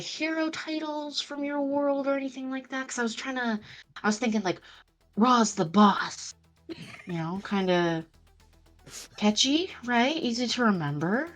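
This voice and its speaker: A woman's voice: high-pitched, lively intonation, a little slow, soft background music, pitched above the performer's own voice. A woman voicing a chatty young male hustler with wheedling salesman patter, in a tabletop game. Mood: scheming.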